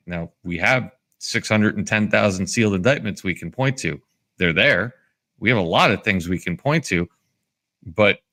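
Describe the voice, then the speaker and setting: A man's voice: low voice, bright, forceful tone. A man from the United States who hosts a talk show, speaking earnestly in casual discussion and agreeing with his guest. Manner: earnest, agreeing, quick to jump in. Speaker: show host.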